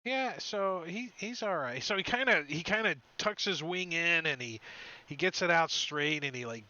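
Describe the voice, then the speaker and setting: A man narrates a tabletop game as dungeon master in a bright, slightly high voice. He rambles loosely and drops into goofy creature voices. The stream audio is dull and lo-fi. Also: animated, normal speed, no echo.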